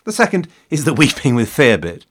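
English man in his fifties, solo history podcast host, wry, self-mocking, swooping animated delivery. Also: mid-range voice, brisk, breathy edge. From England. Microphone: studio mic in a shed.

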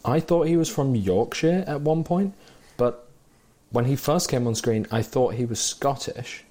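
A man's voice: medium pitch, measured pace, mellow. A man chatting casually and enthusiastically about the small details he loved in a film. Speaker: podcast co-host.

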